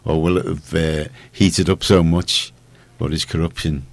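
A man's voice: a bass voice, steady tone, unhurried, gravelly, dry recording. A man hosting a casual radio chat, rambling and sarcastic, with many restarts. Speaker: radio show host.

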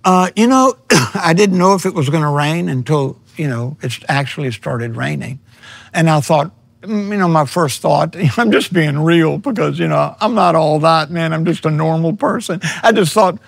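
Gravelly man telling his testimony. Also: fairly high pitch, animated, normal speed, no echo. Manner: earnest storytelling, acts out his own quotes louder. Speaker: missionary preacher. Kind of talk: personal testimony in an interview.

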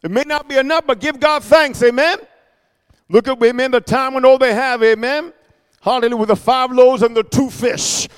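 A man preaching a sermon, calling for responses from the congregation and punching key words loudly. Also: very high voice, steady tone, moderate pace, clear, resonant tone, in a large hall. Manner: call-and-response, loud bursts on key words.

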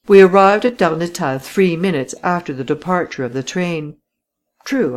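A reader giving measured, dramatic first-person audiobook narration. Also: mid-range voice.

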